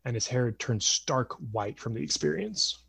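A man in his twenties telling a family story casually on a podcast, animated and acting out voices. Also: mid-range voice, moderate pace, vocal fry, slightly rough, no echo. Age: 20s.

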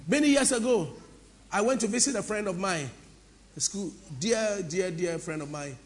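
A woman's voice: mid-range voice, moderate pace. Impassioned woman pastor preaching. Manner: impassioned, repetitive, swings from soft to loud, sing-song. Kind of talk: preaching a sermon with call-and-response. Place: church before a congregation.

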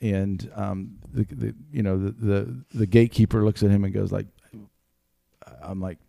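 Mellow-voiced middle-aged dad, halting. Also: male voice, lowish voice, steady tone, vocal fry, no room sound, clean studio sound. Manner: halting, restarts while explaining. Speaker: father and podcast co-host. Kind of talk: casual family podcast chat.

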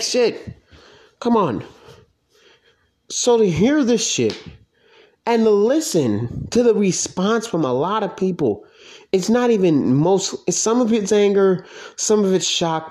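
Man, angry profane rant, higher voice that swings wildly up and down. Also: darkish tone. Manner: profane, heated, pitch swinging widely. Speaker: online wrestling league fan.

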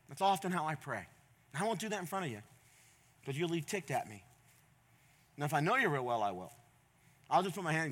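Guy preaching a sermon, folksy and chatty, drops to quiet asides then gets loud and punchy. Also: sits high, brisk, pauses often. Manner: conversational and animated, swinging between quiet asides and loud emphatic points; folksy, plain-spoken. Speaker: pastor.

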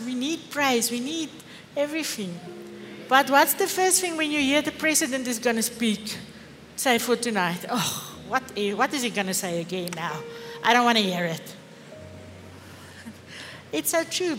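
A middle-aged woman pastor with an Afrikaans accent preaches fervently in a church hall, leaning on rhetorical questions. Her voice is fairly high and a bit bright, and the echoey recording carries faint music behind her.

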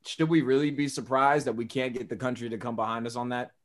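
A man co-hosting a casual podcast conversation, animated and laughing, swinging between loud exclaiming and quiet musing. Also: medium pitch, fast. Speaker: podcast co-host.

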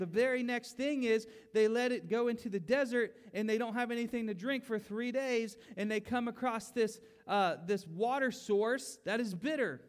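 Male preacher, high voice, conversational delivery that builds to emphatic pleas. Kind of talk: sermon.

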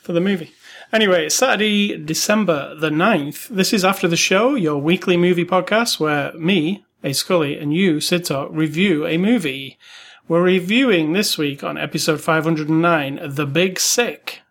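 A man's voice: on the high side, normal speed, fairly bright tone. A man co-hosting a weekly movie podcast, chatting casually with many fillers and restarts. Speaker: podcast co-host. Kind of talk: casual movie review chat.

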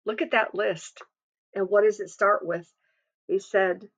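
A woman's voice: mid-range voice, steady tone, measured pace, highs cut off. Earnest woman giving a devotional. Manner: earnest, confiding, with frequent restarts. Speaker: devotional speaker. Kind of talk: personal devotional sermon.

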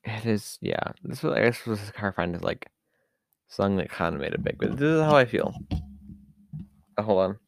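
Low, gravelly-voiced man rambling casually. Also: very animated, normal speed, long pauses, no echo. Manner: rambling, with many fillers and asides. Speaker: podcast host. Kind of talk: casual solo podcast talk.

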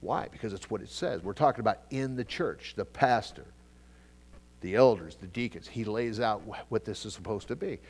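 A middle-aged male pastor teaching a sermon in a casual, conversational way, jumping between loud emphatic bursts and quiet asides, with frequent restarts. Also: lowish voice, moderate pace, husky.

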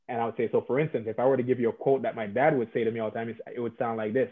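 A man from Jamaica with light traces of a Jamaican accent, telling stories and giving advice in a relaxed talk, shifting between lively bursts and soft asides. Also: mid-range voice, rapid-fire, few pauses. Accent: American with faint Jamaican traces. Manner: animated storyteller, drops to soft asides. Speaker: salon educator guest. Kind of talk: conversational podcast advice. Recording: phone-like narrow band.

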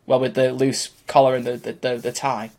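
A man's voice: medium pitch, flat delivery, a little fast, a little mellow. A man co-hosting a podcast in casual chat, talking in a rambling way and often laughing. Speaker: podcast co-host.

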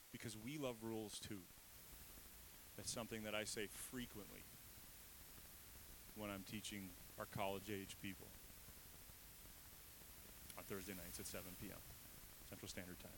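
A man preaching a sermon, emotional and shifting between hushed and raised delivery, acting out inner voices in asides. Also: on the low side, measured pace, long pauses, background noise. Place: church stage.

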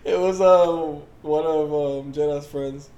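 A man in casual chat, slangy and quick to laugh. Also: fairly high pitch, steady tone, warm tone, roomy sound, lo-fi sound.

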